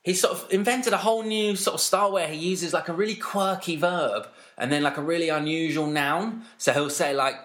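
A chatty man co-hosting a casual podcast, his voice sitting a little high. He tells stories and mimics the people in them as he goes. The room adds a noticeable echo around him. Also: fairly quick, few pauses, fairly bright tone. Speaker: podcast co-host. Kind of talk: casual chat.

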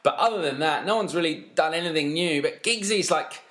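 A chatty man co-hosting a casual podcast, his voice sitting a little high. He tells stories and mimics the people in them as he goes. The room adds a noticeable echo around him. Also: a little fast, a bit bright. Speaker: podcast co-host. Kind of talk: casual chat.

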